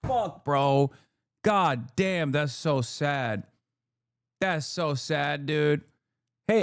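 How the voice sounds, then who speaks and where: A man's voice: a little high, no echo, studio quality. Profane, sarcastic male streamer. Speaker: streamer commentator. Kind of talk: reacting to a news clip.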